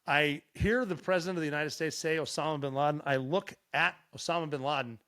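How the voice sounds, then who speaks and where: With a slightly high voice and a fairly quick delivery, a middle-aged man from Montana spins casual stories as a guest on a podcast. He's animated and profane throughout.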